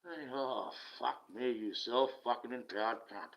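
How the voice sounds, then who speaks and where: A man hosting a livestream in a casual rant, profane and sarcastic, swinging from loud outbursts to mutters, on dull lo-fi audio. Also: mid-range voice, measured pace, vocal fry. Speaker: livestream host.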